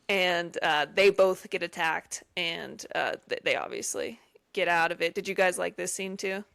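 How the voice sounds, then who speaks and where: Relaxed woman recapping a film plot. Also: lowish voice, unhurried, vocal fry. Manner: relaxed, summarizing, dry asides. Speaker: podcast co-host. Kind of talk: casual chat.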